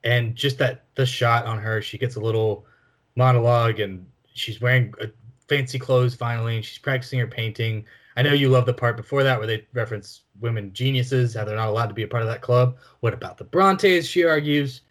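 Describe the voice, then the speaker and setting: A man with a voice of middle pitch talks through his favorite film moments on a casual podcast. He sounds relaxed and personal, easygoing even while he swears. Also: fairly quick. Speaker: podcast co-host. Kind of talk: casual film-review chat.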